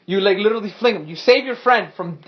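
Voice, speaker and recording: A man narrating a tabletop game as game master, animated and quick to laugh at himself. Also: high-pitched, muffled recording. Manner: animated, breaks into laughing asides.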